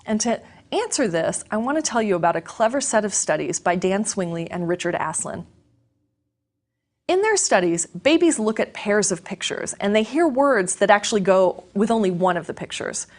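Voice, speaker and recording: A woman giving a scripted educational lecture, explaining in a clear, measured way. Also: mid-range voice, sing-song.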